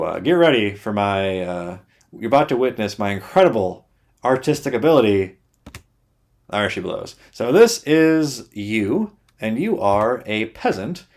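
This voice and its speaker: A man's voice: fairly low pitch, darkish tone. A young man ranting to his audience in a blunt, sarcastic and sweary way, with many fillers. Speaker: YouTuber.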